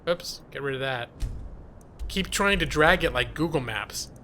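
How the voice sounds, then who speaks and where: A man's voice: mid-range voice, expressive, unhurried, sharp tone, slight background noise. A middle-aged man casually chatting through a live game stream, reading chat aloud and rambling. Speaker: gaming streamer.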